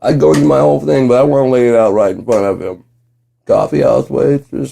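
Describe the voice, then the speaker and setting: A man ranting at home in a vlog, swearing constantly and yelling in bursts. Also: mid-range voice, fairly quick, gravelly. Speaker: vlogger. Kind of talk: profane political rant.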